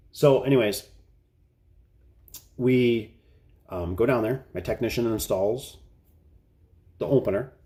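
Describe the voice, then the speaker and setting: A middle-aged man with a fairly low voice tells a work story in a loose, chatty way. He rambles, restarts his sentences and sounds fed up with the customer. His tone is warm and mellow rather than bright. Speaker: garage door business owner. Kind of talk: casual storytelling to camera.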